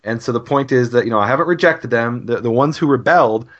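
A man's voice: mid-range voice, quick pace. Man explaining Hebrew words on muffled audio. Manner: thoughtful, explains Hebrew words, some restarts. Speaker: Bible study teacher. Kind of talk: explanatory Bible study chat.

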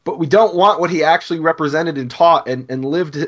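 A man's voice: fairly high pitch, brisk. A man who teaches about the Bible talking in a casual discussion, earnest and stammering, often repeating words as he thinks aloud. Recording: muffled lo-fi audio.

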